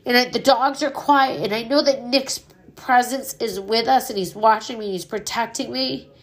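A woman's voice: on the high side, steady tone, normal speed. A middle-aged woman hosting her own podcast, speaking candidly and earnestly about grief, swearing freely. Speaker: podcast host. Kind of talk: personal grief podcast monologue.

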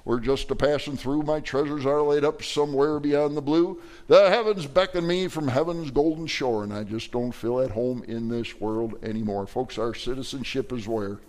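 A middle-aged man, a pastor, preaching a verse-by-verse sermon in a folksy, animated way with playful asides. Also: mid-range voice, moderate pace, hardly any pauses.

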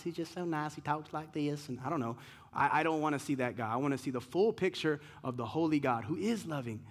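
A male pastor preaching a sermon, stressing key words slowly and swinging between loud emphasis and quiet asides. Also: fairly high pitch.

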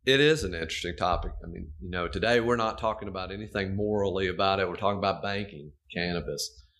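A middle-aged man, a guest expert explaining a banking topic in a measured way on a podcast. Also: deep voice, a bit bright.

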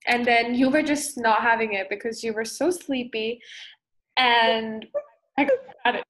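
A young woman with a somewhat high voice co-hosts a casual podcast. She talks in an upbeat, filler-heavy way, laughing between phrases. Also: measured pace, a bit bright, poor audio. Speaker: podcast co-host. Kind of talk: casual chat.

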